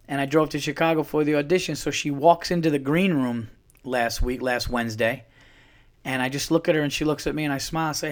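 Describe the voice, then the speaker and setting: A man's voice: a little high, fairly even intonation, fast talker. A comedian from New York, a man telling a long story casually, rambling and swearing with many restarts. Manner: rambling, profane, with frequent restarts. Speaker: comedian, podcast host.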